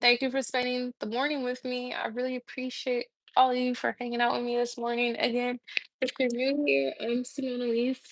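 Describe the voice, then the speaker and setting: A woman's voice: on the high side, level tone, brisk. A young adult woman hosting a casual morning live stream from her kitchen, chatty and laughing as she tells stories while eating. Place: home kitchen. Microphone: phone mic.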